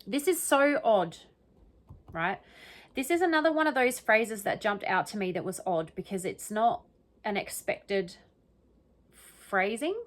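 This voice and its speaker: A medium-pitched woman with lively intonation speaks a little slowly, leaving long pauses. In casual solo true crime commentary, she scrutinizes how an interview was phrased, reasoning aloud and often asking "right?" and "okay?".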